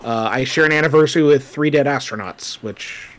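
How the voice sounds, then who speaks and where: A man's voice: medium pitch, brisk. A man co-hosting a casual podcast chat, talking loosely with many fillers and asides as he reads from his notes. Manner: chatty, lots of fillers and asides. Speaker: podcast co-host.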